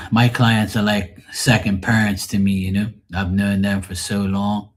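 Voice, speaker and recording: A deep, husky man talks loosely to his livestream viewers. He rambles, answers comments as they come in and keeps clearing his throat. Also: flat delivery, measured pace. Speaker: livestream host. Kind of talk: casual livestream chat reading comments.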